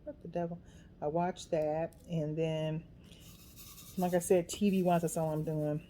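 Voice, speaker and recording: A craft vlogger in middle age talks with a deep, warm voice, level in tone and measured in pace, over slight background noise. Casual and rambling, she talks to herself while working and pokes fun at herself.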